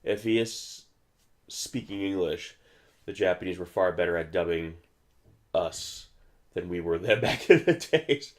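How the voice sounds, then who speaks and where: A man's voice: deep voice, unhurried. A young man rambling casually while commenting on an old monster movie, with many restarts.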